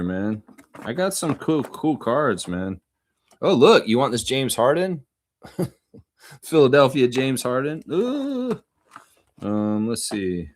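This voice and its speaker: A man hosting a casual live stream, excitedly rambling to his viewers as he shows off things. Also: medium pitch. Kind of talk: casual live-stream chat showing off his card collection.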